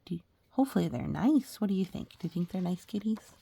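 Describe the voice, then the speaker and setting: Quick-paced and animated, a storybook reader with a lowish, creaky, husky voice reads a picture book to children. Between passages she talks with them about the pictures.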